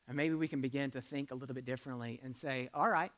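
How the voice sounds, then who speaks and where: Man preaching in a reverberant church hall. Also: mid-range voice. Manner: conversational preaching, swings between loud emphasis and soft asides; leads the congregation in call-and-response. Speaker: pastor. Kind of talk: sermon.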